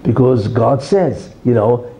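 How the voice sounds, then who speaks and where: A man giving an informal religious talk in an animated, rhetorical way, often checking in with "right?" and "you see". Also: medium pitch, takes it slowly, poor audio.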